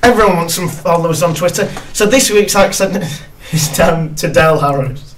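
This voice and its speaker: A man's voice: a little high, normal speed. A man hosting a casual chat show, upbeat and joking as he introduces segments. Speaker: host. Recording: distant mic with faint noise.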